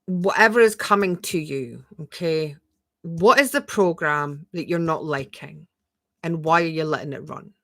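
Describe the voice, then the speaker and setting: A woman gives a spiritual coaching talk on a live stream, talking to viewers and answering their comments. Her voice is bright and sits fairly low, with a dry, close sound. She repeats phrases gently and leans on rhetorical questions. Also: a little slow, no echo. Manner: reads viewer comments aloud and answers them.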